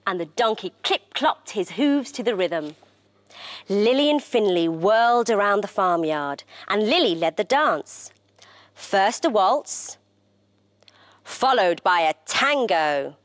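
A woman presenter reading a children's story aloud in an expressive, animated way. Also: mid-range voice, takes it slowly, dry recording.

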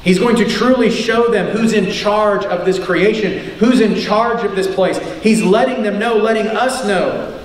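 In an echoey church sanctuary, a man with a high voice preaches a little slowly, emphatically repeating key lines and asking rhetorical questions. He's a preacher and teacher giving a sermon, recorded at a distance from the mic with faint background noise.

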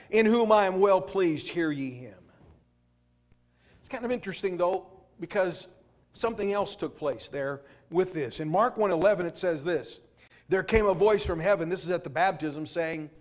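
A man preaching a revival sermon, telling a personal story and then reading scripture with rising emphasis. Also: high-pitched. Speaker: guest preacher.

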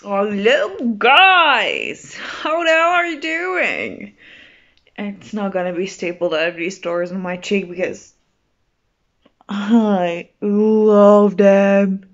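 A bubbly woman book vlogger chats on camera, gushing and rambling with quick restarts. Her voice sits at a middling pitch, and the recording sounds a little dull and lo-fi. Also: vocal fry, bright, forceful tone. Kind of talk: casual vlog chat.

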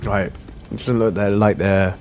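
A man streaming a live shooter game and chatting to viewers, trailing off into low mutters and then breaking into loud frustrated outbursts. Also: steady tone, a little slow, slight background noise. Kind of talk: casual live game commentary.

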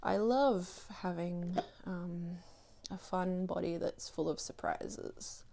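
Woman vlogger, a bit low-pitched, winded, rambling and dry, recorded on a phone. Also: steady tone, slow, vocal fry, mellow. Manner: rambling, wry and self-mocking. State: out of breath. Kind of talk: casual phone vlog.

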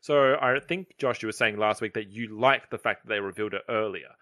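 A man's voice: fairly low pitch, brisk, bright, forceful tone, no room sound, clean studio sound. A man hosting a casual podcast, reading out episode credits and trivia and steering the discussion between his co-hosts. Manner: reads out episode credits and trivia, moderates the talk. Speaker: podcast host.

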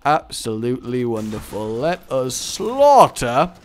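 A man giving casual let's-play commentary, excitable and gleeful, laughing often. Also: medium pitch, slow pace. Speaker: gaming commentator.

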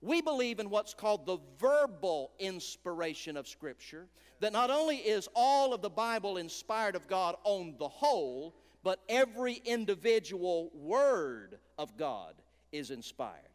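A man preaching a revival sermon, emphatic and rhythmic, dropping to a hush on key words. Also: sits high, sing-song, unhurried. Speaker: guest preacher. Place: large church sanctuary. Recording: hall reverb in a church.

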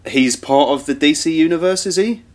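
A man co-hosting a casual film podcast, talking in rambling, animated bursts with frequent restarts. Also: a little high, moderate pace. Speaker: podcast co-host. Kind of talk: casual chat.

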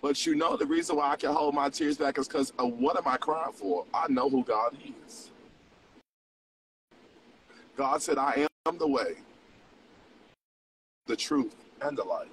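A man's voice: medium pitch, measured pace, long pauses, fairly bright tone, recorded from a distance, a little hiss or hum, low-quality recording. A young man in his twenties hosting a livestream, mixing mock preaching with profane, confessional casual talk. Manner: profane, preachy, swings between teasing and confessional. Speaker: livestream host.

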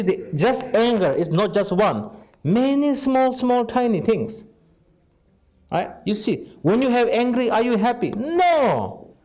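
A man with non-native English giving an informal Buddhist teaching, lively and direct, checking in often with the audience. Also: sits high. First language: Tibetan. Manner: animated, asks "right?" constantly, non-native phrasing. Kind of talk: informal dharma talk.

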